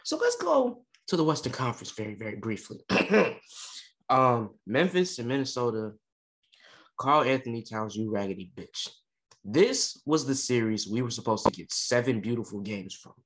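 A man in a heated sports rant, his pitch swinging widely as he scolds and curses. His voice sits at an ordinary middle height, and the tone stays casual and fired up. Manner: heated, scolding, swearing freely. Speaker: podcast co-host.

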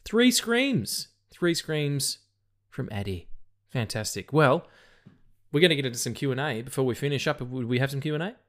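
A man's voice: mid-range voice, animated, normal speed, fairly bright tone. A man co-hosting a casual film podcast, rambling with lots of restarts, stutters and swearing. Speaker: podcast co-host.

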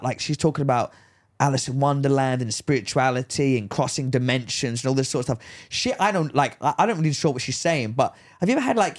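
A man co-hosting a podcast, telling a rambling story in casual chat, full of likes and rights. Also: medium pitch. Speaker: podcast co-host.

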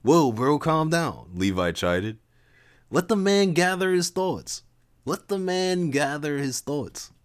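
A man doing a breezy, squeaky laid-back bro. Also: animated, takes it slowly, clean tone. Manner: breezy, high-pitched and drawn out. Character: excitable young man, laid-back, teasing.

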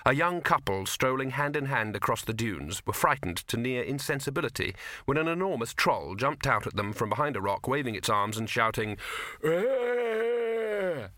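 Bright-voiced male audiobook narrator. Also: mid-range voice, animated, a little fast, few pauses, no echo, clean studio sound. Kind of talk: scripted narration.

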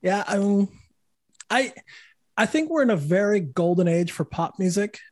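A man's voice: high voice, expressive, normal speed, a little mellow, no room sound. A man in his thirties, a podcast host and guitar teacher, telling stories in casual conversation, swearing freely and acting out the voices of the people he quotes.

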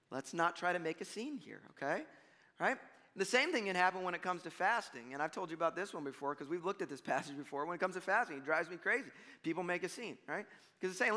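A pastor with a high-pitched voice talks fast as he preaches, chatting with his congregation in an animated way and acting out what people say in mock voices. The church sanctuary gives the recording a long, hall-like reverb.

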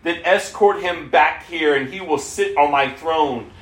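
An old king issuing solemn commands, as a man reads him in his own fairly high voice. The delivery stays plain and earnest, in a room full of echo. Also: unhurried, fairly bright tone. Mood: commanding. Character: King David, aged commanding male king. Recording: echoey room.

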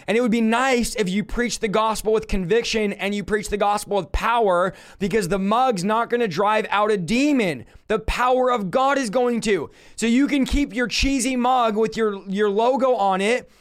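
Fiery high-voiced male preacher. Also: normal speed. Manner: impassioned, rising to shouts, rhetorical questions. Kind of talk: fervent sermon-style Bible teaching.

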